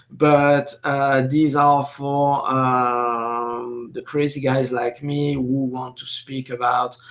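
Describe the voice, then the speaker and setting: A man's voice: a little high, gravelly. A man with a French accent hosting a casual live stream, talking with many fillers and restarts while reading viewer comments.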